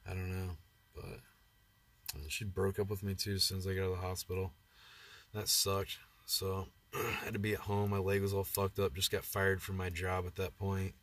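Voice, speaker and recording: A man's voice: deep voice, monotone, moderate pace, a bit bright. An American man vlogging live, telling crude personal stories in a rambling, casual way and laughing at himself. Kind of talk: casual livestream storytelling.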